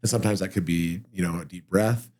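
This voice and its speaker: A man working as a performance and mental health coach, explaining ideas calmly and steadily in an interview. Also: sits low. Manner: calm, measured explaining. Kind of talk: interview guest conversation. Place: podcast studio room.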